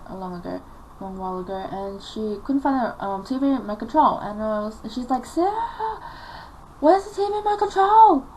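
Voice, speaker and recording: A woman's voice: mid-range voice, a little mellow, a little hiss or hum, poor audio. A young woman, telling a personal story casually, rambling and emotional with many fillers.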